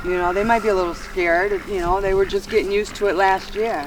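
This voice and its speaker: A woman's voice: mid-range voice, steady tone, a little fast, slight background noise, rough recording. A woman vlogging casually about farm chores outdoors, cheerful and talkative. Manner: cheerful, coaxing the animals. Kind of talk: casual chat while doing farm chores.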